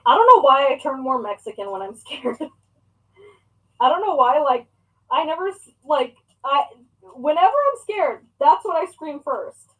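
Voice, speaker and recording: A woman's voice: high voice, expressive, measured pace, fairly bright tone, low-quality recording. A young woman chatting casually in a crafting vlog at home, rambling and talking to herself and her pet as she works. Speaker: crafting vlogger.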